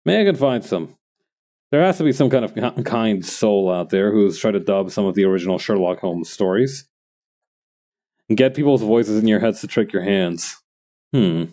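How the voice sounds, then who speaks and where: A man's voice: on the low side, expressive, moderate pace, dark tone. A man streaming while he crafts, chatting casually and thinking aloud to his viewers in a rambling way.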